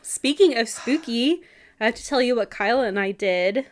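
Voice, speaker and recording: A woman's voice: on the high side, lively intonation, normal speed. A woman in her thirties co-hosting a podcast, telling casual stories with lots of filler words. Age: 30s. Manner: chatty storyteller, lots of "like" fillers. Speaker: podcast co-host. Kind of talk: casual chat.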